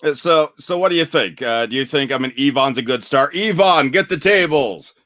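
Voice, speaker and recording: A man's voice: medium pitch, a little fast, a bit bright, dry recording, studio quality. Guy cohost poking fun, asks stuff, lots of uh and like. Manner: teasing, asks questions with fillers. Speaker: co-host. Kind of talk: casual chat.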